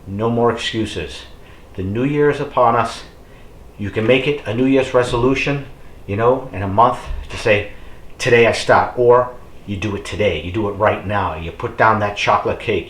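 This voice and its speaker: Chatty middle-aged man, low voice, roomy echo. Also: moderate pace, a little hiss or hum. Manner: chatty and rambling, with many fillers; encouraging, addresses viewers as folks. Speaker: fitness vlogger. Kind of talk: casual motivational talk to camera.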